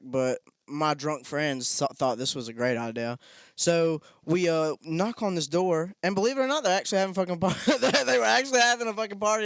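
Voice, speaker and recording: Young man co-hosting a podcast, loose and profane, smooth voice, dry sound. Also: on the high side, a bit bright, no room sound. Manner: rambling, swears a lot, frequent restarts. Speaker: podcast co-host. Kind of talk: casual storytelling chat.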